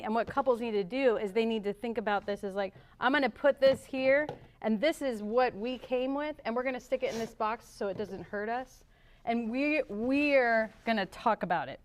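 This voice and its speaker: Speaking a little slowly, a woman with a clear, resonant, fairly high voice leads a couples workshop at a church hall as a marriage and family therapist. Her delivery is conversational, and she performs small example scenes using gasps and sighs.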